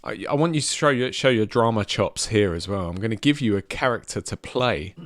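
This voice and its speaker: Giggly man with lively pitch. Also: a little fast, dry recording, studio quality. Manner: giggly, bossy, sets up games. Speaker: podcast co-host. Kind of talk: casual comedy chat.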